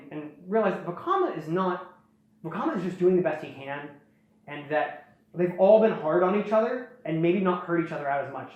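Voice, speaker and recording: A woman's voice: fairly low pitch, darkish tone, muffled recording. Chatty woman host, jokey retelling, heavy room echo. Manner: rambling, jokey, lots of fillers and restarts. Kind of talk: casual retelling of a story. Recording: very echoey room.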